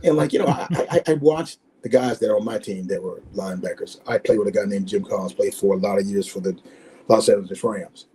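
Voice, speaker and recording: A man in his sixties, a former football player, telling animated stories in an interview and acting out the people he quotes. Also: lowish voice, fast, a little hiss or hum, low-quality recording. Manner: animated storyteller, acts out quoted voices. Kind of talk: storytelling interview.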